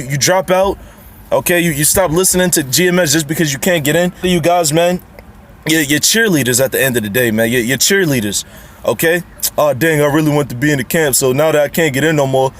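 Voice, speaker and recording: A man giving an informal sermon to the camera. He talks in a casual, repetitive way, ends his lines with "man" and "okay?", and reads scripture aloud slowly between his remarks. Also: on the high side. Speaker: lay preacher.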